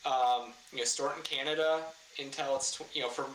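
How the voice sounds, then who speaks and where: A man's voice: medium pitch, brisk. A man telling a story as a guest in a casual podcast interview. He acts out what others said, swears freely and laughs at his own story. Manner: animated, acts out quotes loudly, swears, laughs. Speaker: guest, car builder and former racer. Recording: echoey room with faint ambient noise.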